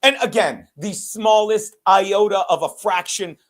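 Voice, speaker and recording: High-voiced middle-aged man, joking host. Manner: storytelling, laughing, quick asides. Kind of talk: casual comedic chat.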